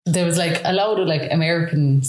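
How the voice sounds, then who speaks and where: A woman in her thirties with an Irish accent, telling a personal story in a chatty, animated way with lots of fillers. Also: on the low side, a little fast, echoey room. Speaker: guest. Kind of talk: casual storytelling.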